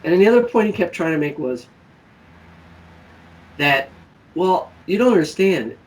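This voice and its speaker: A man hosting a casual political chat, telling stories in a lively way and acting out the people he quotes. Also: sits high, moderate pace, far from the mic, poor audio. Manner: animated storytelling, acts out quoted people. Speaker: show host.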